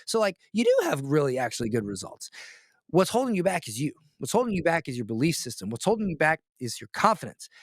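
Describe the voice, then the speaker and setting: A man's voice: a little high, big pitch swings, fast, no room sound, clean studio sound. A man from Florida giving a blunt pep talk as a business coach on a casual call, full of rhetorical questions.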